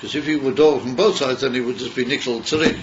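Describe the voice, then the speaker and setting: A man teaching a Chassidus class, halting and repeating words as he explains, mixing in Hebrew terms. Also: mid-range voice, steady tone, slight background noise. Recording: muffled class recording.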